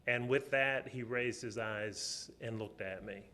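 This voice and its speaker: A middle-aged man with a drawl delivers a sermon from the pulpit. He tells personal stories, rising to loud, emphatic stretches and then sinking to a quiet, soft voice. His voice sits at an ordinary middle pitch for a man. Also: a little slow. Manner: storytelling, swings from loud to soft. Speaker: preacher.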